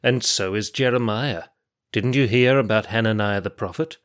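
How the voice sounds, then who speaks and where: Brief: male narrator doing a gruff, impatient guard in an audiobook; forceful, curt, low. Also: normal speed, lightly acted. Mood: harsh. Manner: snapping, barking orders.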